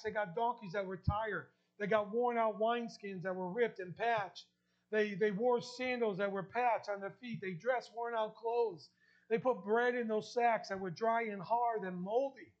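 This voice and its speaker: High-voiced New Jersey pastor preaching. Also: male voice, highs cut off. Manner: emphatic, repeats key lines, asks the congregation questions. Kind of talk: sermon.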